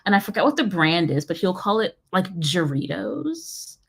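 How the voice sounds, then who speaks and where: A woman's voice: on the low side, quick pace, husky. An American woman hosting a casual livestream. She rambles with lots of fillers and laughter. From United States. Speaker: livestream host.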